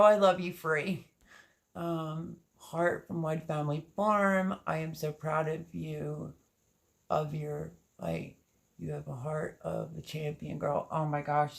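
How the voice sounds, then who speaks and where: Woman doing a live stream, reads out chat comments, kinda gravelly voice. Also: sits low. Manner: chatty, reads viewer comments aloud. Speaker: gardening channel host.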